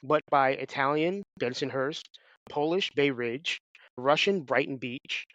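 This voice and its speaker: A man's voice: mid-range voice, measured pace, a bit bright, no room sound. A man in his forties from New York, hosting a podcast, talking in an emphatic, blunt, casual way. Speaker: podcast host. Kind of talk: casual conversational interview. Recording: slightly dull, lo-fi sound.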